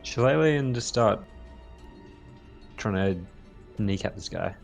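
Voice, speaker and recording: A man's voice: medium pitch, expressive, measured pace, vocal fry, soft background music. A man playing a tabletop game, casual and a bit hesitant. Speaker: player.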